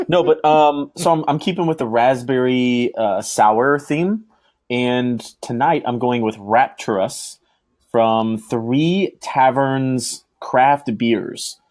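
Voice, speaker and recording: A man's voice: medium pitch, slow pace, darkish tone, no room sound. Joking, crude young man co-host. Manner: joking, crude teasing banter. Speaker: podcast co-host. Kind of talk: casual chat.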